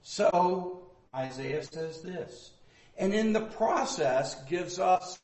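A male pastor teaching from the Bible in a sermon, swinging between loud emphatic bursts and quiet asides. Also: high-pitched, lively intonation, extremely slow. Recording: echoey room.

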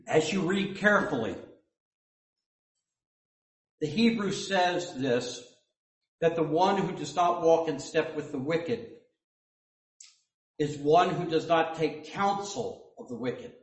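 A man preaching a sermon as pastor, slow and deliberate, with joking asides. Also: on the high side. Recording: echoey hall, mic at a distance.

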